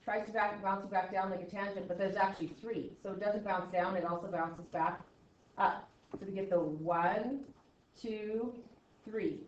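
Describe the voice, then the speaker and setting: A woman teaching a math class, counting steps out loud, trailing off quietly, and checking in with "right?". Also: medium pitch, steady tone, normal speed. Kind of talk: classroom lecture. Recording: roomy classroom sound, slightly dull.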